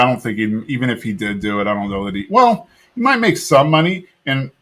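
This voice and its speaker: A man's voice: lowish voice, a bit bright. A man co-hosting a podcast, casually retelling a cartoon episode with plenty of fillers and little laughs. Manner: rambling, lots of fillers and laughs. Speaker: podcast co-host. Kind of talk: casual recap chat.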